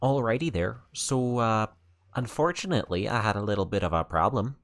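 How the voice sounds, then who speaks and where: A rambling gamer with a deliberately clumsy, exaggerated Canadian accent, as a man puts it on, tossing in "eh" and "bud" over let's-play commentary. The voice sits fairly low and the talk is loose and full of fillers. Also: natural voice. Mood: chatty. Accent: put-on Canadian.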